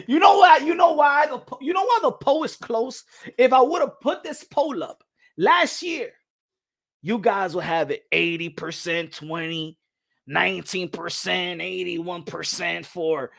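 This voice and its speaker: This man's voice sits high and has a creaky edge as he chats casually about boxing. A commentator by trade, he's animated, keeps repeating himself, and teases and hypes his viewers.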